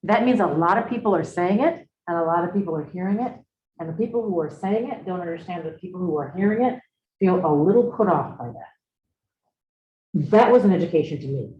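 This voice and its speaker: A woman's voice: fairly low pitch, lively intonation, a little fast. A middle-aged woman leading a seminar, talking reflectively and engaging her students with questions. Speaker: seminar leader. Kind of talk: conversational seminar talk. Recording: roomy, slightly dull room recording.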